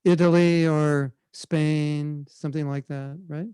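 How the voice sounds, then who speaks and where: A man answering questions on a video call, telling a relaxed story and demonstrating chanting. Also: fairly high pitch, slow, clean tone, dry recording. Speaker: spiritual teacher answering questions.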